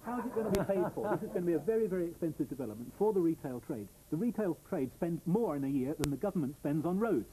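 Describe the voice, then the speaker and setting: Blunt man from the audience, quick. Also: on the high side, lively intonation, mellow, low-quality recording.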